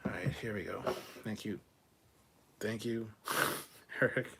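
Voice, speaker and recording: A man's voice: fairly low pitch, takes it slowly, gravelly, noisy background. A man hosting a casual livestream, joking loosely and thanking viewers by name as he reads out donations. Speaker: livestream host. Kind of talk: casual live-stream chat, reading out donations.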